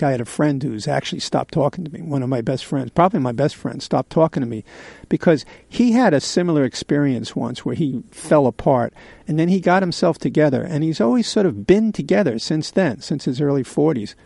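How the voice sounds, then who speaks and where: A man in his sixties hosting a radio show, telling a candid personal story in a halting way with many pauses and fillers. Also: on the high side, lively intonation, gravelly, dark tone, no room sound. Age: 60s. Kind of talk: confessional radio monologue.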